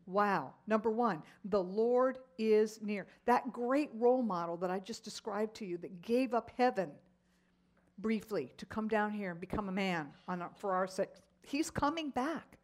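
A middle-aged woman teaches a Bible lesson, telling its stories animatedly and exclaiming often. Her voice is mid-range and her delivery unhurried.

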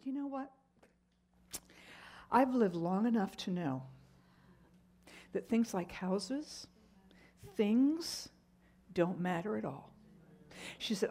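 A woman's voice: medium pitch, darkish tone. A middle-aged woman teaching a Bible lesson, telling a personal story in a conversational way with fillers and asides.

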